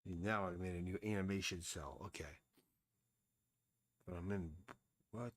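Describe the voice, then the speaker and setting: A comic artist live-streams as he draws, musing aloud and frequently mumbling to himself in casual narration. His voice is low, unhurried and a little bright.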